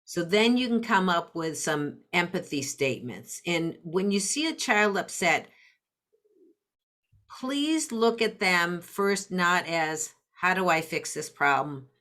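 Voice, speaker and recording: Slow-spoken woman explaining patiently. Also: fairly low pitch, lively intonation, fairly bright tone. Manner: patient, explains step by step with acted-out example phrases. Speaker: parenting coach, podcast guest. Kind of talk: explanatory interview talk.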